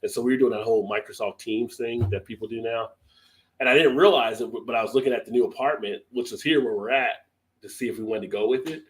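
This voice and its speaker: A man's voice: medium pitch, quick pace. A man hosting a live stream, chatting casually and loosely, swearing and laughing often. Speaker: beer channel host.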